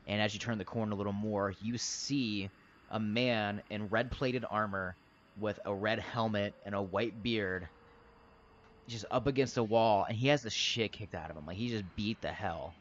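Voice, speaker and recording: A man's voice: lowish voice, normal speed, a little hiss or hum. A young man narrating a tabletop game as game master, rambling with lots of fillers. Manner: rambling, filler-heavy, laughs easily. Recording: dull lo-fi recording.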